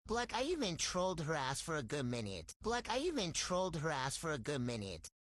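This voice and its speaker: Animated blunt young woman telling a story. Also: sits low, fairly quick, no echo. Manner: animated, blunt, swears freely, slangy. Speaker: storytime vlogger. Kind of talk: get-ready-with-me storytime.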